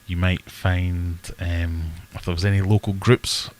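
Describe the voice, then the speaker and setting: Guy with a deep voice, chatty and rambly, live chat from his desk webcam. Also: little pitch movement, unhurried. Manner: chatty, self-deprecating, rambling asides. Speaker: livestream host. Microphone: desk webcam setup.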